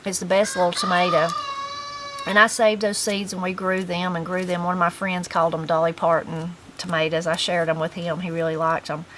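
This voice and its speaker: A woman's voice: lowish voice, level tone, a little fast, a bit bright, a little hiss or hum, rough recording. A middle-aged woman with an Appalachian accent, telling folksy, rambling stories in casual chat. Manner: rambling, folksy storytelling with fillers. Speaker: host.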